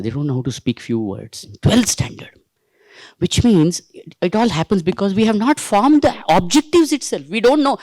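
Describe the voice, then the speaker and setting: Animated Indian-accented male trainer. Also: on the high side, no room sound, rough recording. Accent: Indian English. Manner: animated, coaxing, talks to participants. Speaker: teacher trainer. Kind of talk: workshop lecture. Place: training workshop room.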